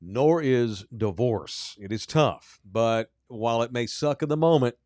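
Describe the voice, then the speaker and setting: A man's voice: medium pitch, measured pace, mellow, no room sound, clean studio sound. A man hosting a sports podcast, chatting casually and rambling in a self-deprecating way. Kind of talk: casual chat.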